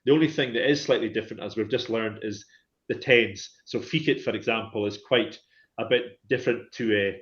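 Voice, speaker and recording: A man teaching a relaxed one-to-one language lesson, patiently drilling words call and response and encouraging his learner. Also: lowish voice, brisk, dull audio.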